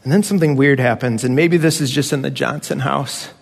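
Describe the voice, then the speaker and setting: A man's voice: mid-range voice, brisk, creaky, big-room sound. Man preaching a conversational sermon. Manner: conversational, with acted-out voices of children. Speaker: pastor.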